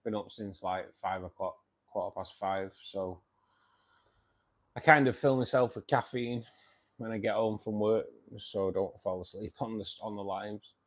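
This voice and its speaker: A man's voice: fairly low pitch, fairly even intonation, normal speed. A tired man hosting a fishkeeping live stream, chatting casually, reading viewer comments and calling everyone mate. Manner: chatty, says "mate" often, rambling restarts.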